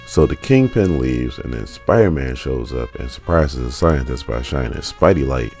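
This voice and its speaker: A man's voice: extremely low pitch, expressive, moderate pace, few pauses, darkish tone, faint music behind. A man in his forties casually retelling a comic story, with laid-back joking asides. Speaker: comic book recap host.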